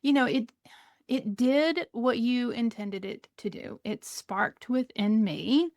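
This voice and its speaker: A woman's voice: a little high, takes it slowly, no echo, studio quality. A woman with a Southern US accent, a podcast guest chatting casually, rambling and laughing often. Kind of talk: casual conversation.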